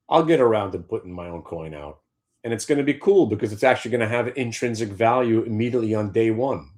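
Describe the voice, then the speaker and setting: A man's voice: medium pitch, a little mellow. A man hosting a stock market show, ranting in a brash, profane, sarcastic way. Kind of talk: opinionated trading talk.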